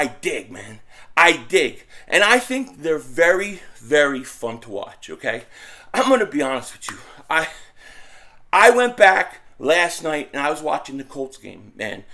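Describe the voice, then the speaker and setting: A man hosting his own sports fan show, talking in an energetic rant that bursts into shouting. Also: on the high side.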